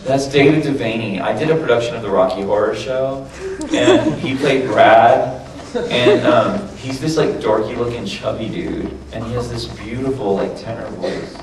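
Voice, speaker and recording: Hoarse man chatting on a panel. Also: medium pitch, normal speed, a crowd in the background. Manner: loose and chatty, swears freely. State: hoarse, worn-out voice. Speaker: voice actor on a convention panel. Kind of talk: casual panel Q&A. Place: large convention hall. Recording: echoey hall from far off.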